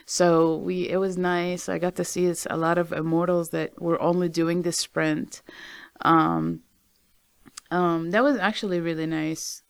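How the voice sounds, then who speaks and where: A guest in a casual conversation who talks hesitantly, with many pauses and fillers. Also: mid-range voice, level tone, gravelly, clear, resonant tone, no room sound.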